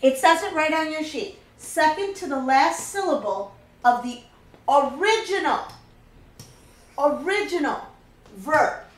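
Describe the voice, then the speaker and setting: A woman talks a class through a grammar lesson, repeating the key rule until it sticks. Her voice sits high and her pace stays slow and deliberate. The recording carries a roomy echo. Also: animated. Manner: patient, repeats key points, walks through steps. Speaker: Spanish teacher.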